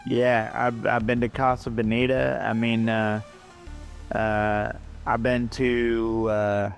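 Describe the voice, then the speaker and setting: A man speaking as an interview guest, halting and plain-spoken, calling in remotely from his home in the hills. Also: medium pitch, flat delivery, creaky, faint music behind. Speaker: guest, wrestler and stand-up comic. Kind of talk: casual interview chat.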